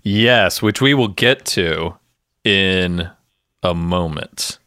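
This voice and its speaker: A man co-hosting a podcast, chatting casually and acting out TV scenes with quick voices. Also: deep voice, clean tone, no room sound, studio quality. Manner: animated, acts out scenes with voices. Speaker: podcast co-host. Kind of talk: casual chat recapping a TV episode.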